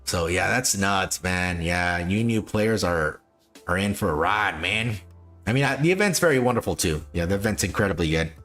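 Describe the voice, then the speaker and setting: A man's voice: low voice, lively intonation, moderate pace, a bit bright, soft background music. A man hosting a livestream, chatting casually and repetitively with frequent chuckles. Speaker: livestream host.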